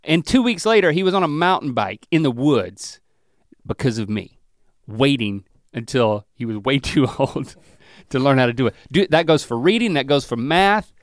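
A middle-aged man chats on a podcast, spinning rambling, self-deprecating yarns. His pitch jumps around a lot, and the sound is dry and close-miked. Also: moderate pace, dry recording. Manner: rambling, self-mocking storytelling with lively pitch swings. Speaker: podcast co-host. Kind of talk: casual comedic chat.

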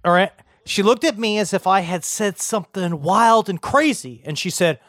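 A man co-hosting a casual comedy podcast, reading listener emails aloud with animated storytelling and swearing. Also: high-pitched, moderate pace, hardly any pauses, no room sound, clean studio sound.

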